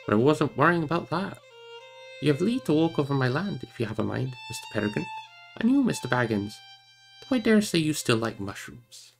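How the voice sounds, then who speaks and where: A man's voice: medium pitch, sing-song, a little fast, vocal fry, faint music behind. A man voicing a stout, blustering hobbit farmer in a hearty, rustic manner for a storybook reading. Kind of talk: storybook character voice.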